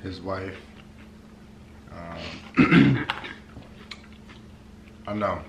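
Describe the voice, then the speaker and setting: A man's voice: low-pitched, level tone, drawn-out words, roomy sound, muffled recording, noisy background. A young man chatting casually on a family vlog, hesitant with many fillers. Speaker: vlogger's husband. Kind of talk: casual chat.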